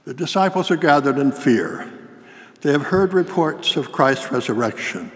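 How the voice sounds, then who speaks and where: An older man preaching a sermon in a cathedral, telling a story in a measured, formal way. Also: fairly high pitch, lively intonation. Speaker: priest. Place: large cathedral. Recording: long cathedral reverb.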